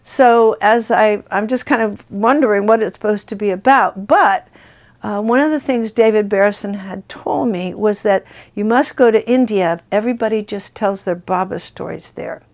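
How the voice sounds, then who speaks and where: An older woman casually telling a personal spiritual story, animated and laughing often as she acts out what others said. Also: medium pitch, normal speed.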